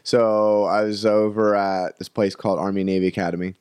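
A man's voice: on the low side, fairly quick, smooth, no echo. A man guest telling stories in casual chat, acting out other people's lines with a raised voice. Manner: animated, acts out quotes in a raised voice. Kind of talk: casual storytelling.

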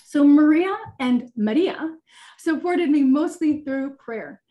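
A woman's voice: sits high, expressive, slow, mellow. A woman giving a candid personal faith testimony on a webinar, speaking earnestly with many fillers over a video call. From Italian heritage. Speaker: guest sharing her testimony.

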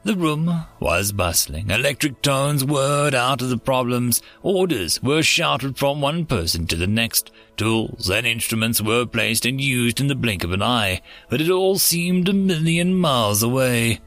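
A man narrating science fiction stories with theatrical, drawn-out emphasis, hosting his own channel. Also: medium pitch, expressive, a bit bright, faint music behind. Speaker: story narrator. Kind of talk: scripted story narration.

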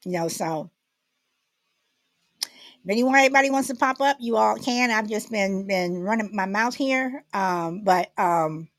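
A woman's voice: medium pitch, animated, a little slow, no room sound, studio quality. A woman hosting a casual live audio chat, talking in a rambling way with lots of fillers and restarts. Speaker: host.

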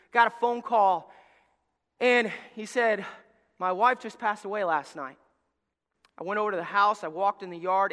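A middle-aged male pastor preaching a sermon, telling stories and swinging between shouted lines and hushed, soft passages. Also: high voice. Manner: storytelling preacher, swings from shouting to near-whispers. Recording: long hall reverb.

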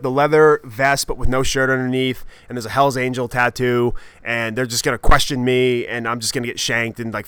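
A man hosting a podcast and telling a comedic story in an animated, profane, self-mocking way. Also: medium pitch, no room sound. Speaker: podcast host.

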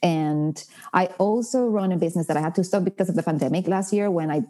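A woman's voice: fairly low pitch, fast talker, warm tone. A woman in her thirties from the Dominican Republic with a Dominican Spanish accent, a guest in a casual interview who talks with enthusiasm and laughs often.

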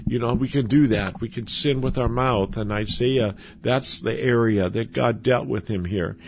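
A male pastor from Minnesota delivers a sermon in a relaxed, conversational way. His voice is gravelly and husky, with a rough fry at the ends of phrases. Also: medium pitch. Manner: conversational preaching with restarts and chuckles.

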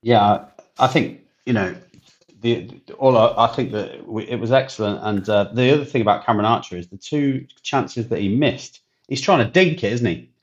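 A man's voice: mid-range voice, normal speed, highs cut off. A man in his forties, a guest on a casual football podcast, talking hesitantly and throwing questions to the others. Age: 40s. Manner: hesitant, conversational, asks questions.

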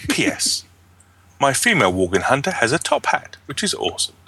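A man's voice: mid-range voice, huge pitch swings, normal speed, pushed and bright, husky. A man co-hosting a casual gaming podcast, reading listener emails aloud and breaking off with jokey asides. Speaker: podcast co-host.

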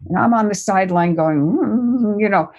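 A woman's voice: mid-range voice, normal speed, darkish tone, highs cut off. An older woman, a parenting expert, answering interview questions and telling a family story, acting out the voices she quotes.

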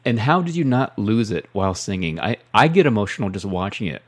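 A man's voice: on the low side, sing-song, brisk. A man interviewing a guest, asking earnest, personal questions.

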